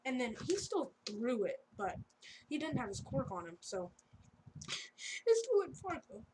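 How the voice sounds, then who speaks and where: A woman's voice: on the high side, normal speed. A woman casually telling a fan story in a rambling, off-the-cuff way with joking asides. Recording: steady background noise.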